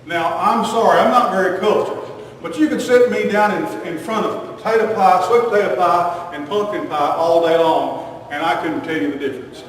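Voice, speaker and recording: A man preaches in a folksy, joking way, peppering his sermon with homespun sayings. His voice sits high and carries from some distance off the mic. The sound rings through a big echoey church hall. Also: moderate pace, hardly any pauses, a little hiss or hum.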